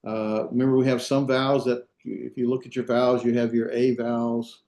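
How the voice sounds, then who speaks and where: Mellow-voiced man lecturing a class. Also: medium pitch, level tone. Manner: unhurried, many fillers and restarts, explains step by step. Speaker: Hebrew instructor. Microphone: video call.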